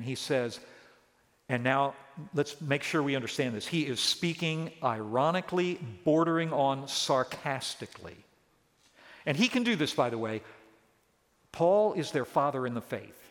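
A man preaching an expository sermon, switching between quiet stress and rising, emphatic exclamations. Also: on the high side. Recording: long reverb of a large hall.

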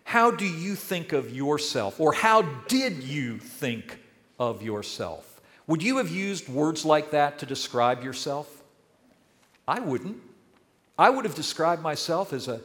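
An older man preaching a sermon as pastor, earnest and emphatic, leaning on key words with pauses. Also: a little high, animated, fairly bright tone. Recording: long hall reverb.

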